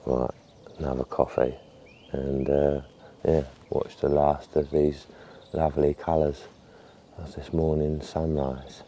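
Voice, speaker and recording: A man's voice: very deep voice, flat delivery, slow pace, warm tone, a little hiss or hum. A man with a laid-back, murmured way of talking, chatting casually to camera while filming a trip outdoors by a lake. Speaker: vlogger filming a fishing trip.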